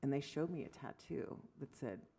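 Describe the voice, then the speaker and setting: Woman, 50s, physician lecturer, fry-edged voice, lively storyteller. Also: a bass voice, normal speed. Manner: animated storytelling, acts out dialogue, self-deprecating asides. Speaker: physician giving an award lecture. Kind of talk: lecture to medical audience.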